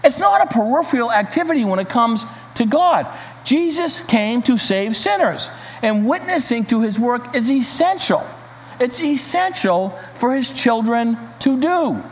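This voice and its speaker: A man's voice: very high-pitched, sing-song, unhurried. A man preaching a sermon and reading a story aloud, in an earnest, emphatic manner. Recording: reverberant hall, faint hiss.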